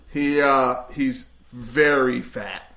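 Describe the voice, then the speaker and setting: A man's voice: medium pitch, fairly even intonation, very slow, bright, forceful tone. A man playing a tabletop game, describing his character's moves in a meandering way full of fillers. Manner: meandering, filler-heavy, chuckling. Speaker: player. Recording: roomy echo.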